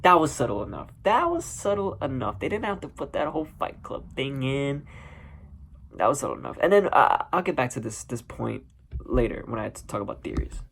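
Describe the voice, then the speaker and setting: A man talks through a movie's spoilers in a loose, chatty review. His voice sits at a middling pitch with a gravelly edge. He acts out scenes and punches them up with sound effects, over a faint hiss. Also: sing-song, a little fast, a bit bright. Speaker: movie commentator.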